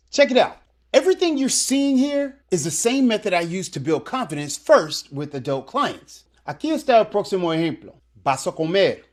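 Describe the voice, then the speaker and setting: In a scripted video lesson, a language teacher mixes English and Spanish phrases in an encouraging, coaching way, slowly repeating example sentences for learners. The voice is medium in pitch with a darkish tone.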